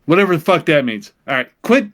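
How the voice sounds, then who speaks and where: A man's voice: fairly high pitch, sing-song, fast, a bit bright. A man co-hosting a crude comedy podcast, playing the exasperated straight man who swears and pushes his partner to get on with it. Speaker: podcast co-host.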